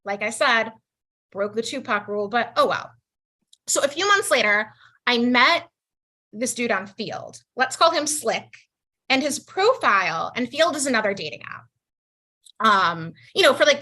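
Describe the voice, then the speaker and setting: A woman in her thirties performing a stand-up set over a video call, acting out quoted voices with big swings. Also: a little high. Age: 30s. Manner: animated, jumps into exaggerated quoted voices. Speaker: stand-up comedian.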